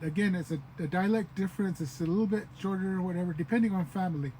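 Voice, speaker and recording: A man's voice: high voice, mellow, slight background noise, low-quality recording. A man giving a casual language lesson, repeating each word several times and acting out short example phrases. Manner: repeats words slowly, acts out example phrases. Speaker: language teacher.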